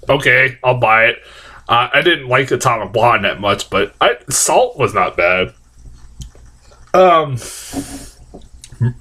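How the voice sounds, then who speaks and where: A young man giving a casual, rambling movie review that is full of swearing. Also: mid-range voice. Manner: animated, profane, rambling.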